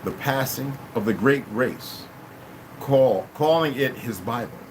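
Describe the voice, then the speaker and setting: A man of middle pitch reads a passage aloud to his audience, often stopping to talk to them directly. He trips over unfamiliar words and starts sentences over. A faint background hum sits under his voice. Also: expressive, unhurried, rough recording. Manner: stumbles over hard words and restarts, addresses listeners directly. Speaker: channel host. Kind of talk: reading a text aloud with off-the-cuff asides.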